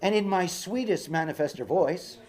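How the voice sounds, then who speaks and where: A man's voice: high-pitched, normal speed, heavy background noise. A man giving an informal lecture with personal stories. He rambles, uses many fillers and asides, and repeats key words for emphasis. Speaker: speaker giving a talk.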